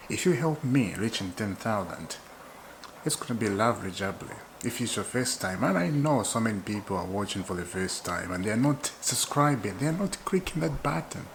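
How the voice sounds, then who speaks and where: A man from Zambia, hosting his own football channel in an excitable, chatty way and laughing often. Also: medium pitch, vocal fry, slight background noise, low-quality recording. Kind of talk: casual football chat to camera.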